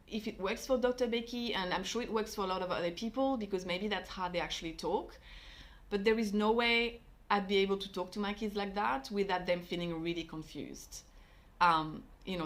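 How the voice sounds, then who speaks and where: A woman hosting a parenting vlog, talking through her views in a thoughtful, conversational way with frequent fillers. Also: medium pitch. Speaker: parenting channel host. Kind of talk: reflective commentary vlog.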